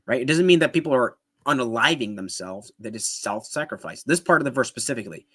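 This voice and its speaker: A man's voice: medium pitch, expressive, fast, fairly bright tone, breathy edge. A man hosting a commentary video, explaining his points step by step and often checking in with "right?". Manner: conversational, with restarts and fillers. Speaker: apologetics video host. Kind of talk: casual commentary responding to a debate clip.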